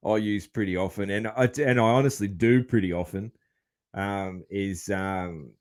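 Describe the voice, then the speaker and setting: A man's voice: fairly low pitch, no room sound, studio quality. A man with an Australian accent hosting a casual podcast interview, laid-back and full of crude slang. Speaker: podcast host.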